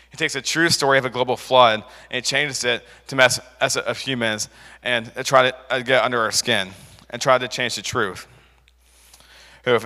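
Bright-voiced young preacher in a reverberant hall. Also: male voice, mid-range voice. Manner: rambling, filler-heavy storytelling with restarts. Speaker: youth preacher. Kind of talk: casual sermon with a personal story.

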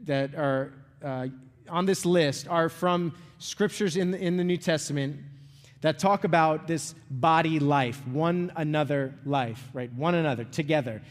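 A man's voice: on the high side, measured pace. Man, middle-aged, pastor, conversational sermon, restarts phrases, long hall echo. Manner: conversational, asks "right?" and "okay?" often; repeats words and restarts phrases. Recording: long reverb of a large hall.

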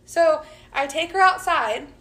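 A woman's voice: high voice, measured pace, sharp tone. A woman co-hosting a podcast, telling a story in a casual, profane, laughing way. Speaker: podcast co-host.

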